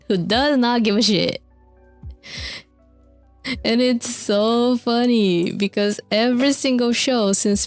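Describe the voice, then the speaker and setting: Chatting over video clips, a young female streamer rambles through a recap of concert lore, often laughing, swearing and using fillers. She has a mid-range, darkish voice, recorded with no room sound.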